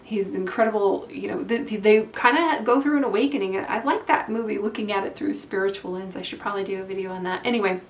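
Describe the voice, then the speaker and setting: A woman doing a spiritual tarot reading, talking in a rambling, halting way with many fillers. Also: medium pitch, distant mic, a little hiss or hum. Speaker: tarot reader. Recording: echoey room, away from mic.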